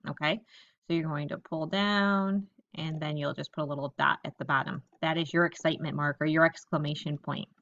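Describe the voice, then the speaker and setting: A woman teacher giving a recorded lesson to young children, reading example sentences slowly and thinking aloud about each one. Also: deep voice, fairly even intonation, a bit bright, muffled recording.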